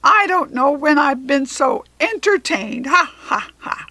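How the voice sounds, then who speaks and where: A woman voicing a spiteful male ice villain who sneers, cackles and shouts loudly. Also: lowish voice, measured pace, vocal fry, breathy edge, dry recording, pitched below the performer's own voice, full character voice. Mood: cackling.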